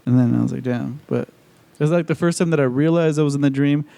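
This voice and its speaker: A man's voice: on the high side, fast, vocal fry, mellow, dry recording. A man co-hosting a podcast in casual chat, rambling with lots of profanity, fillers and restarts. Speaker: podcast co-host.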